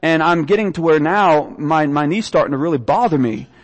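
A man's voice: a little high, lively intonation, fairly quick, big-room sound, rough recording. A young man preaching a sermon, earnestly reading scripture aloud and often repeating his words. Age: young adult.

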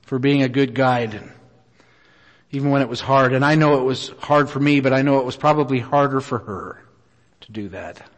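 Middle-aged male preacher, earnest and unhurried storyteller with many pauses, middle pitch, recorded with long church-hall reverb. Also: steady tone, lo-fi sound. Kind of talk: sermon with personal story. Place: church auditorium.

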